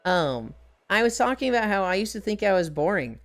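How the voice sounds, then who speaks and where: A woman's voice: mid-range voice, very animated, a little fast. A woman live-streaming in casual chat, telling stories animatedly with frequent swearing and laughter.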